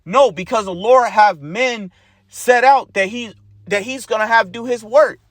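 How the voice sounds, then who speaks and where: A man's voice: high-pitched, a little slow, fairly bright tone, no room sound, clean studio sound. Blunt, profane preacher man. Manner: blunt and profane, repeats lines, ends phrases with "man". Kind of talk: informal sermon to followers.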